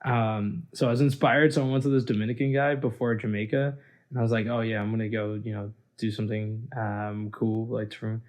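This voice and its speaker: A man's voice: on the low side, fairly even intonation, brisk, darkish tone, a little hiss or hum. A man guest on a casual podcast who tells rambling, self-deprecating stories. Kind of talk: casual chat.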